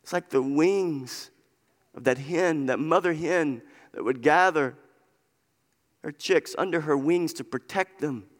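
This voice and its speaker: A man's voice: on the high side, a little slow. A man preaching a sermon, impassioned and repetitive, driving his points home with repeated phrases. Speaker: pastor. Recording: long hall reverb.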